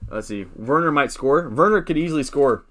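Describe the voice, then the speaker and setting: A man's voice: on the high side, expressive, fairly quick, fairly bright tone. Rambling young man streaming. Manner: rambling, chats with viewers, reads out comments. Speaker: live stream host. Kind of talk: casual live stream chat.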